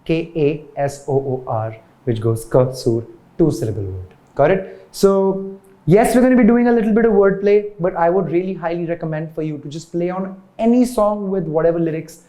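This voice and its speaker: Dance instructor, young man, a bit high and warm, chatty, checks in with the class. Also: moderate pace. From India. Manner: chatty, checks in with "yeah?" and "got it?". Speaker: dance teacher.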